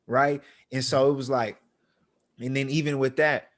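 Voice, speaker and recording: A man's voice: mid-range voice, a little slow. A man in his thirties, co-hosting a podcast, telling a heartfelt family story in a slangy, emotional way full of fillers. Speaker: podcast co-host. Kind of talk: casual storytelling chat.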